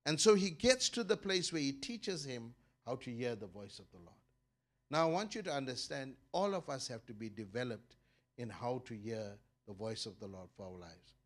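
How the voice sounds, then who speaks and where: Pastor preaching with swells. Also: male voice, animated, moderate pace. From South Africa. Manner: emphatic preaching that swells loud and high on key points, then drops low; repeats words while building a thought. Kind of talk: sermon.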